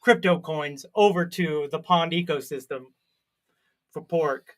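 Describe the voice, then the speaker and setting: High-voiced guy cohosting a crypto podcast, ribbing his buddy, laughs a lot. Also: a little slow. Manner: laughs often, teasing. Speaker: podcast co-host. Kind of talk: casual crypto chat.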